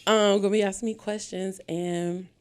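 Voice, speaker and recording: A woman's voice: medium pitch, steady tone, moderate pace, a little mellow, smooth. A woman hosting her own podcast, now being interviewed, talking casually and candidly, nervous and a little out of breath, laughing often. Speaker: podcast host.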